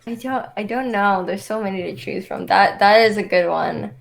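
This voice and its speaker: A woman's voice: medium pitch, normal speed, gravelly. A woman guesting on a streamer interview, giggly and chatty, filling her talk with "like". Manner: giggly, heavy use of "like". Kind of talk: casual interview chat.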